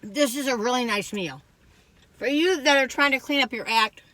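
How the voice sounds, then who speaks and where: Speaking with a slightly high, sharp-toned voice and no echo, an older woman rambles through stories in her food review vlog. It's a casual chat to camera in which she performs the quoted voices.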